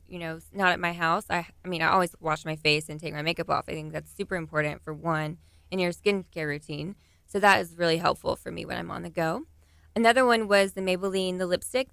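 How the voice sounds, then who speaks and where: A woman's voice: fairly low pitch, fairly bright tone, clean tone, no room sound. A young woman with a Texan accent, a pageant titleholder chatting as a radio guest in an upbeat, giggly way. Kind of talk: casual radio interview.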